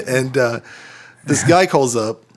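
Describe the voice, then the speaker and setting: A man's voice: medium pitch, lively intonation, extremely slow, a bit bright. A man co-hosting a casual podcast, telling a rambling story with lots of swearing and laughter. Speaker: podcast co-host.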